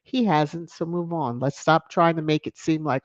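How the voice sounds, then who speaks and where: A woman hosting a casual commentary livestream, talking bluntly and chatty, gushing warmly when she thanks supporters. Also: low voice, animated, moderate pace, few pauses, no room sound, lo-fi sound. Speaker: host of a royal-news commentary livestream.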